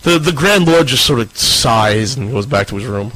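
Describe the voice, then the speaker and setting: A man narrating a tabletop game as dungeon master, halting and repeating words, often laughing. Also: mid-range voice, lively intonation, bright, forceful tone, no room sound, low-quality recording.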